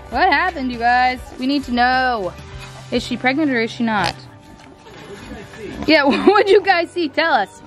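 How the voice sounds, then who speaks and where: A young woman vlogging on her farm, chatting excitedly to the camera and her animals with lots of "like" and "I don't know". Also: high voice. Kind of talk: casual vlog chat to camera. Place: outdoors on a farm pasture.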